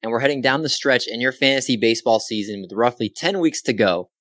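A man's voice: medium pitch, fairly bright tone, no echo. An upbeat man hosts a sports podcast solo, chatting casually and poking fun at himself. His voice sits in a middle range, and the recording is dry and close with no room sound. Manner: upbeat, self-deprecating, quick asides. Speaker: podcast host.

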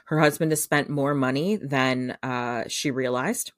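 A woman's voice: extremely low pitch, steady tone, measured pace, no echo, clean studio sound. A woman casually retelling a show's plot on a podcast, rambling with lots of filler words. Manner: rambling, filler-heavy, laughs through the telling. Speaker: podcast co-host recapping a show. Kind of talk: casual storytelling recap.

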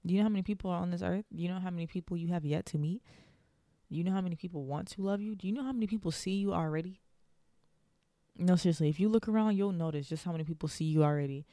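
A woman's voice: lowish voice, very fast, dark tone, no echo, clean studio sound. A young woman hosting her own podcast, talking earnestly and encouragingly in a casual monologue. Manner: earnest, encouraging, faith-filled. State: out of breath. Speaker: podcast host.

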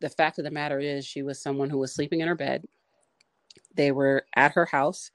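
A woman co-hosting a podcast, talking earnestly in a halting, filler-heavy way. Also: low voice, fairly even intonation, dry recording. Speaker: podcast co-host. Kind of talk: casual discussion.

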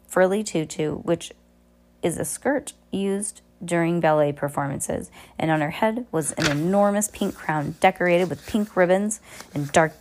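A woman's voice: lowish voice, a little mellow. A woman reading a novel aloud in a casual way, with stumbles and joking asides.

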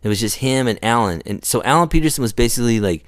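A man's voice: medium pitch, animated, quick pace, no room sound, clean studio sound. A man telling stories in casual chat, rambling and slangy, full of asides. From California. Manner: laid-back, rambling storyteller with slangy asides. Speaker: skate photographer guest.

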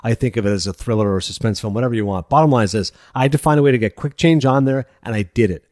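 A man's voice: medium pitch, very fast, darkish tone, no echo, studio quality. A man hosting a film podcast, talking with enthusiasm and laughing as he goes. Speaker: podcast host.

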